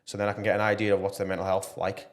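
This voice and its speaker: Earnest man, low voice. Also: monotone, racing. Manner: earnest, passionate, frequent fillers. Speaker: podcast guest. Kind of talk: casual podcast interview.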